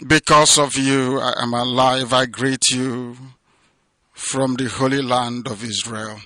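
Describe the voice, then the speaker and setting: A man's voice: steady tone, slow pace, no room sound. Fervent Nigerian man with a piercing voice. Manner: declamatory, swinging from loud fervent peaks to low hushed passages. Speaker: movement leader giving a radio broadcast. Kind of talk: impassioned radio address.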